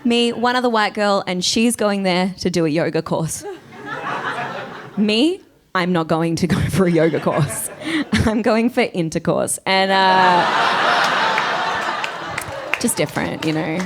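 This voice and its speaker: A young adult woman with an Australian accent doing a chatty, animated stand-up comedy set on a stage. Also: lowish voice, measured pace, pauses often, noisy background. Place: comedy stage before a live audience.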